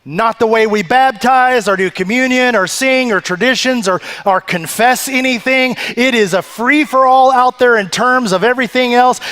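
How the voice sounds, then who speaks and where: A man preaching a sermon as pastor, emphatic and full of rhetorical questions with drawn-out pauses. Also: very high voice, expressive, a bit bright.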